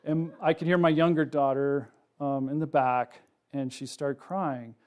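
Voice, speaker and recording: A middle-aged man, a wildlife researcher, giving a public talk to a live audience, telling a personal story in a casual, animated way with lots of ums and likes. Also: fairly high pitch, measured pace. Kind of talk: public lecture with personal anecdote. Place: lecture room with a live audience.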